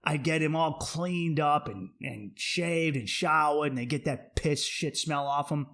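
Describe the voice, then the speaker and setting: A podcast host rants in a brash, profane, animated style. He swears freely as he goes, and his voice sits a bit higher than most men's. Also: unhurried. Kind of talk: comedic podcast rant.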